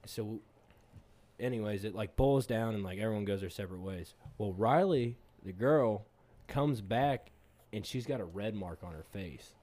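A man's voice: fairly low pitch, moderate pace, dark tone. A man spins a rowdy bar story in loose casual talk, swearing freely and breaking into laughter. He acts out every line of dialogue as he goes. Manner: rambling, profane, laughs often, acts out quotes. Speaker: pipeliner telling stories.

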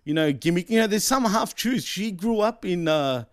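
Male co-host, slightly high voice, chatty, laughs easily, dry close sound. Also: lively intonation, normal speed, no room sound. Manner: chatty, laughs easily, leans on "let's be honest". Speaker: podcast co-host. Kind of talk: casual wrestling chat.

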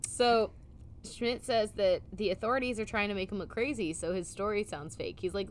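A woman co-hosting a casual podcast chat tells a story in a mid-range voice at a moderate pace. She's animated, acting out the quotes and laughing as she goes.

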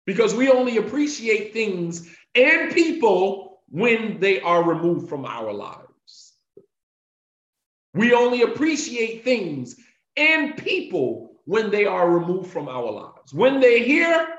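Male preacher, emphatic and repetitive, high-pitched, dull echoey recording. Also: sing-song, fairly bright tone. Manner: emphatic, repeats key phrases for effect; recites Arabic passages quickly between English explanation. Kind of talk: devotional talk.

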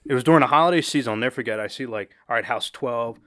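A man's voice: mid-range voice, racing, dry recording, studio quality. Rambling male podcast guest. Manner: relaxed, rambling talker who quotes his own thoughts. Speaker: podcast guest, former delivery driver turned private investigator. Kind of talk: casual chat, storytelling.

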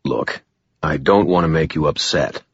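A tired, cautious middle-aged bookshop owner, voiced by a man reading an audiobook, speaking in a careful, quiet way. The voice is extremely deep with a husky edge. The recording is dry and dull, with a lo-fi feel. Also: measured pace, no echo, exaggerated voice. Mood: guarded, apologetic.

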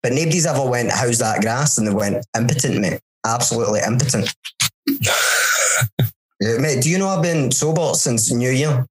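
A young Scottish man co-hosting a podcast, telling stories with sweary, animated banter. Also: mid-range voice, moderate pace, poor audio. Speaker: podcast co-host. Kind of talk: casual chat.

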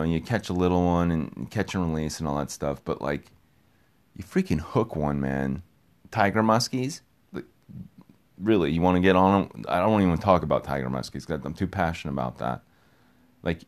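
This young man hosts a podcast, and his very low voice carries a wandering monologue aimed at listeners. He keeps returning to earlier points and repeating himself, his enthusiasm building, while casual profanity makes it feel personal and relaxed.

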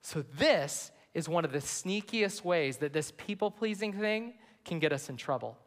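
A man's voice: on the high side, lively intonation, normal speed. A man, a pastor, preaching an earnest sermon to his church and reading scripture aloud. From United States. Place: large church sanctuary. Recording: long hall reverb.

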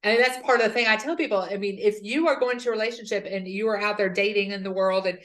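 Woman host, mid pitch, candid and relatable in casual chat. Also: fast, fairly bright tone. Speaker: podcast host.

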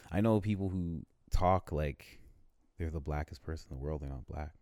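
A man from the Caribbean co-hosting a casual chat, repeating himself and stacking quick strings of yeahs. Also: very deep voice, darkish tone, no room sound, studio quality.

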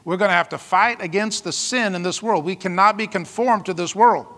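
A man's voice: high-pitched, fairly quick, bright, forceful tone, long reverb tail. A man preaching a sermon as pastor, emphatic, with dramatic exclamations and rhetorical questions to the congregation.

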